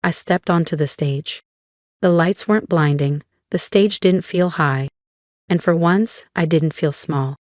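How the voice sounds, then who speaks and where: A woman narrating a first-person revenge story with a cool, measured delivery and deliberate pauses. Her voice sits fairly low, and the recording is close and dry with no room sound. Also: a little mellow, no echo.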